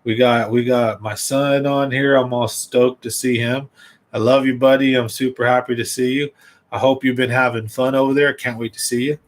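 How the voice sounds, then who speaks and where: A man hosts a live fishing stream in an easygoing, rambling way. His voice sits at a middle pitch. He chats loosely and speaks straight to the people watching. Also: level tone, moderate pace, low-quality recording. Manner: rambling, chatty, talks straight to viewers. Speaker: fishing livestream host. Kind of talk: casual livestream chat.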